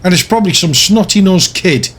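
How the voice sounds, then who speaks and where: A man's voice: sits high, expressive, a little fast, fairly bright tone, breathy edge. A man giving casual, ranting commentary over his gameplay, chatty and often laughing. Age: older. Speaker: gaming YouTuber.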